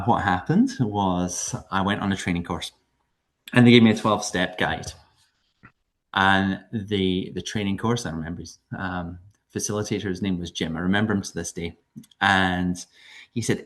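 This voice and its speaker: Middle-aged Scottish man, low voice, chatty anecdotal guest, chuckles between stories. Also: unhurried. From Scotland. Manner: chuckles through anecdotes, frequent ums and restarts. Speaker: podcast guest. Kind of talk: conversational storytelling.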